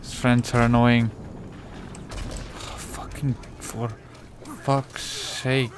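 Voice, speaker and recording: A man's voice: medium pitch, lively intonation, slow pace, slight background noise. A man commentating his own gameplay, exasperated and swearing constantly while muttering to himself. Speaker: let's play gamer.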